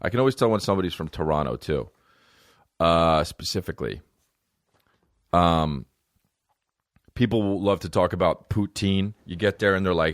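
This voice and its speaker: This thirtysomething man riffs on his podcast in a rambling, profane comedy monologue, doing high, mocking impressions of people. He talks at a normal speed with long pauses, and the studio-quality audio has no room sound.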